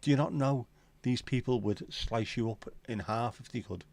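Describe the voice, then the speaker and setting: A man's voice: medium pitch, moderate pace, gravelly, a little mellow. A man hosting a casual livestream chat, reading out viewer comments in a bantering, crude, sweary way. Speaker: livestream host.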